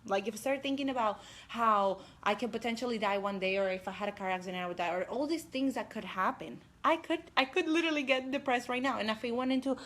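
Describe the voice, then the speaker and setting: A young woman life coach giving an energetic, chatty motivational talk on a live stream, speaking straight to her viewers. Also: fairly high pitch, quick pace, hardly any pauses.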